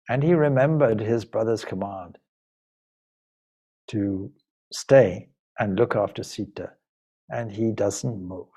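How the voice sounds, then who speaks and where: A man with a medium-pitched, somewhat mellow, husky voice and vocal fry, a monk and spiritual teacher, retells an ancient epic in a spiritual talk. It's a storytelling talk of a sacred epic, delivered emotively and dramatically with voiced dialogue.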